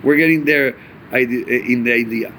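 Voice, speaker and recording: A man teaching a chassidic Torah class, animated, asking rhetorical questions and mixing in Yiddish and Hebrew terms. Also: mid-range voice, normal speed, background noise.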